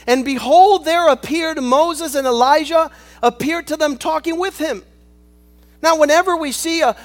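A man preaching a sermon, swinging between shouted lines and hushed asides, calling on the congregation for amen. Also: extremely high pitch. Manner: rhetorical, calls for amen.

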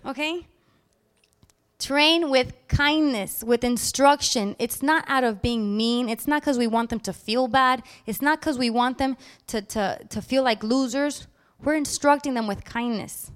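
A woman preaching a sermon in a lively, animated way, acting out little scenes sudden loud outbursts. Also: a little high, normal speed, smooth.

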